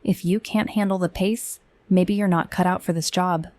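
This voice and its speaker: A woman's voice: lowish voice, fairly even intonation, normal speed, a little mellow, no room sound, close to an everyday voice. A woman reading a stern, bossy female café manager who speaks in curt, scolding orders.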